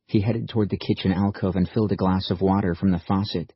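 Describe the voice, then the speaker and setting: A man narrates an audiobook in a low, husky voice with a steady, even delivery. The recording sounds dull and muffled, and it is dry and close. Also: fast talker, few pauses, no echo.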